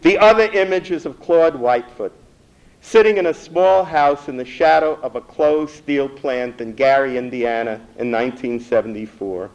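A man's voice: mid-range voice, darkish tone, highs cut off. Man reading an earnest history talk. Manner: measured, earnest reading with some stumbles. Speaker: speaker reading a prepared talk. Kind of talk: read lecture.

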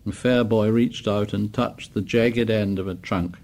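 A man narrating an audiobook in a measured, descriptive way. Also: on the low side, fairly even intonation, darkish tone.

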